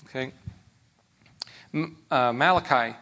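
A man's voice: mid-range voice, slow pace, vocal fry, bright, forceful tone. A man preaching a sermon in a conversational way, often checking in with his listeners.

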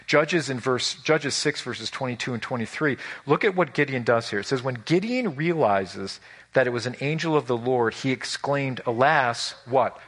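A male pastor preaching a sermon in an animated way, asking the congregation questions. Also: mid-range voice.

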